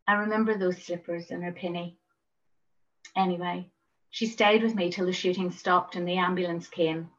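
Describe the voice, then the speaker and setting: A woman's voice: fairly low pitch, a bit bright, muffled recording, lightly acted. A woman voicing a plain-spoken wounded young soldier. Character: young male English soldier, wounded, candid.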